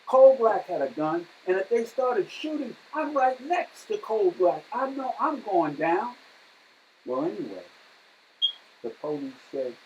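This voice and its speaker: Slow, lively-voiced male storyteller. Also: high voice, slight background noise, poor audio. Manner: unhurried, dramatic, tags lines with "okay?". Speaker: storyteller and teacher. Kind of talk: personal storytelling.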